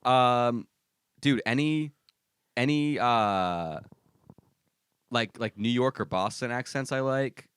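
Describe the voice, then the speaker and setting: A man's voice: mid-range voice, slow, long pauses, fairly bright tone, smooth, dry recording. A man co-hosting a casual comedy podcast, rambling and correcting himself, calling everyone dude. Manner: rambling, self-correcting, says dude a lot. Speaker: podcast co-host.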